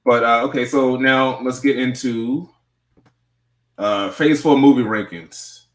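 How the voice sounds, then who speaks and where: A man hosting a casual movie review chat, speaking in a relaxed, hedging way and often repeating his words. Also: medium pitch, takes it slowly, roomy sound. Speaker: show host.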